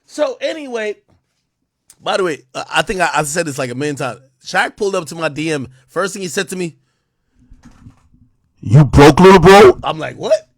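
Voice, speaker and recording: A man telling a story on a live stream, excitable and profane, jumping between loud outbursts and mumbled asides into a close mic. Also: a little high, brisk, no room sound.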